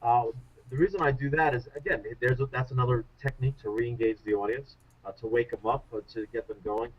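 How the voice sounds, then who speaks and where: A public speaking coach, appearing as a guest on a radio interview, tells animated, self-deprecating stories in a brisk, mid-range voice. The radio audio sounds muffled.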